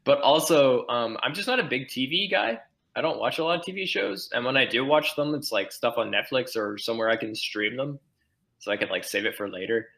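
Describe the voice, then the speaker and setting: Bright-voiced rambling man on a podcast. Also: mid-range voice, expressive, a little fast, creaky, poor audio. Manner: rambling, full of "like" and "um" fillers. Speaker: podcast guest, team blogger. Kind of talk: casual podcast chat.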